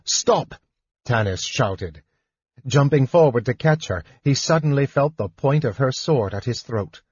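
Slow, husky man narrating a fantasy audiobook. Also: medium pitch, no echo, highs cut off. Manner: measured, even storytelling.

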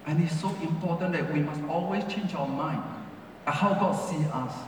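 A male pastor preaches in a high, ringing voice, leaning on repeated phrases that rise and fall. His English has non-native grammar. He is heard from a distance in a large, very echoey church hall. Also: normal speed, a little hiss or hum. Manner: rising and falling emphasis, repeats phrases. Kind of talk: sermon.

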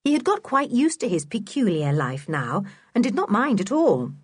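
A woman narrating a children's storybook in an expressive, clear reading voice. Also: medium pitch, moderate pace, dry recording, clean studio sound. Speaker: audiobook narrator.

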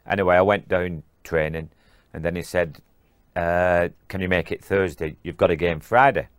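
A man's voice: sits low, fairly even intonation, normal speed, clean tone, dry recording, clean studio sound. An older man, a former rugby player recalling his career in an interview, often stumbling and repeating words as he starts. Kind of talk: interview recollection.

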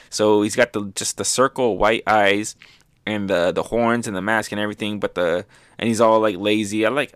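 A man hosting a casual manga recap, talking excitedly with lots of fillers and little bursts of hype. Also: lowish voice, no room sound, studio quality. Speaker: manga review host.

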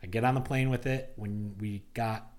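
In a lowish voice and at a moderate clip, a man co-hosting a podcast shares a story in relaxed chat. He's animated throughout, acting out what each person said.

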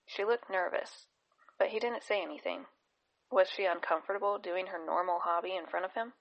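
A woman narrating a fantasy novel in a steady, even storytelling manner. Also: fairly low pitch, moderate pace, dull audio. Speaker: audiobook narrator. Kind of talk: scripted narration.

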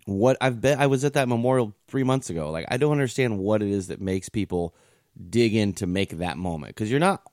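A man's voice: lowish voice, a little fast, darkish tone, no room sound, clean studio sound. A man co-hosting a podcast, talking bluntly and sarcastically in a casual, profane chat. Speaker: podcast co-host.

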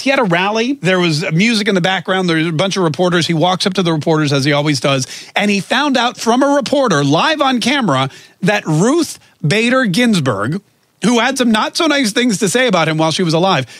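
A man hosting an opinion talk show, sarcastic and animated, acting out the quotes he comments on. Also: sits high, no room sound, studio quality.

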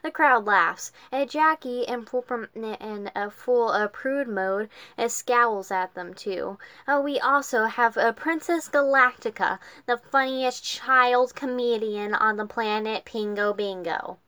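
Woman reading a kids novel out loud, stumbles a lot, higher voice, dry sound. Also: no echo. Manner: halting, many fillers and restarts. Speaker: reader.

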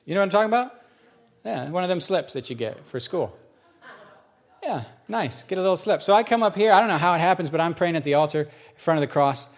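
A middle-aged male pastor preaching with animated storytelling, his fairly high voice leaping up when he acts out voices in a dialogue. He also sinks to a soft, hushed delivery for solemn points. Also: fast. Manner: animated storytelling, acting out both sides of a dialogue. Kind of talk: sermon.

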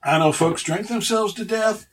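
A man's voice: sits high, moderate pace, pitched above the performer's own voice, close to an everyday voice. A man doing a weary, deferential old orc drifter. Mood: drawling. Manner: folksy drawl, stammering and polite. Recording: distant mic, poor recording.

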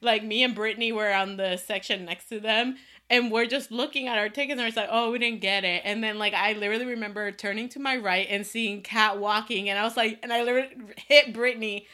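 Bright, slangy woman in casual chat. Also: a little high, steady tone, quick pace.

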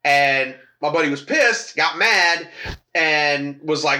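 A man's voice: fairly high pitch, normal speed, sharp tone. A man co-hosting a casual podcast, telling a story with crude language, acting out the voices of the people in it. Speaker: podcast co-host. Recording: roomy echo.

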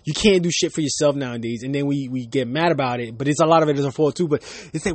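A man's voice: on the high side, quick pace, hardly any pauses, breathy edge, dry recording. A man in his thirties hosting his own podcast, ranting loosely with lots of profanity and laughter. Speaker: podcast host. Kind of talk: casual ranting monologue. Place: Miami.

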